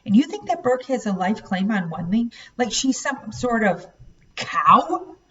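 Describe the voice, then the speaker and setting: Woman voicing a gentle older grandmother, measured and firm, storybook reading, dull distant recording. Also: mid-range voice, lively intonation, lightly acted. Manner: soft, measured, reasoning. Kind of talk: audiobook read-aloud.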